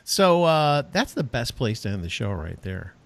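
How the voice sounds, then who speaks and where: A man co-hosting a podcast in excitable casual chat, quick to laugh. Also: medium pitch, creaky, no room sound. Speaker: podcast co-host.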